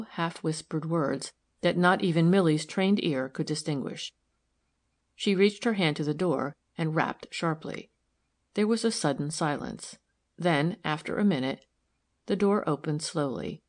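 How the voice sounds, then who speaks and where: Woman audiobook narrator, low-pitched, steady novel reading.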